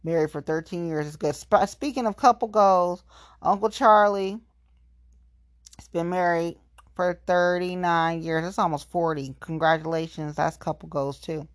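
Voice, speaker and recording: A woman venting in a casual, profane monologue, with sudden jumps up in pitch when she gets heated. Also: normal speed, no echo, clean studio sound.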